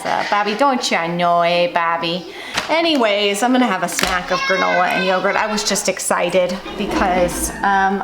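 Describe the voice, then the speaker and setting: A woman hosting a home vlog, talking casually to camera in a chatty, rambling way with lots of fillers. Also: medium pitch. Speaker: vlog host. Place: at home, in and out of doors. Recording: steady hiss under the voice.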